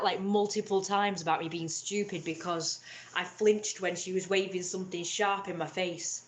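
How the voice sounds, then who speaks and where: A woman's voice: medium pitch, steady tone, moderate pace, reverberant. A young woman hosting a livestream, retelling a family conflict in a rambling, upset way with many restarts. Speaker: livestream host. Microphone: webcam or phone on a livestream.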